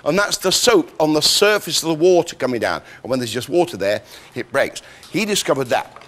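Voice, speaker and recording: An older man explaining science facts on a chat show, animated, breaking into quick impressions of sounds and voices as he goes. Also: fairly high pitch.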